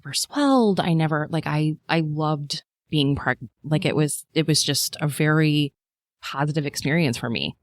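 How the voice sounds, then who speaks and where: A woman in her thirties, a podcast guest telling her birth story in a chatty way, with lots of fillers and lively quoting of people. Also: low-pitched, moderate pace, no room sound, studio quality. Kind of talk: casual chat.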